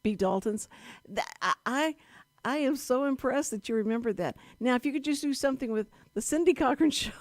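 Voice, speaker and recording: A woman hosting a live community radio talk show, bubbly and gushing with quick asides. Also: sits high, no echo, clean studio sound.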